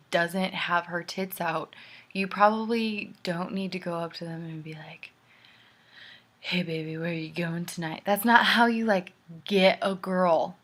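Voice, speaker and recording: Ranting young woman, lowish voice. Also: a bit bright. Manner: candid and ranting, often drops to a whisper. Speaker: vlogger. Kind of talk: casual video letter to a friend.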